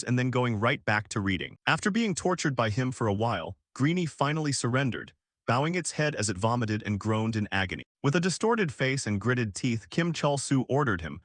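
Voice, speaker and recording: Lively male story narrator. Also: medium pitch, moderate pace, no echo, clean studio sound.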